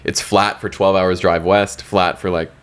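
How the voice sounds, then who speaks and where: Podcast guest, male, from Canada, low-pitched, chatty and rambling with restarts. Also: little pitch movement, measured pace, fairly bright tone, smooth. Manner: rambling, many fillers and restarts. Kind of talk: casual storytelling interview.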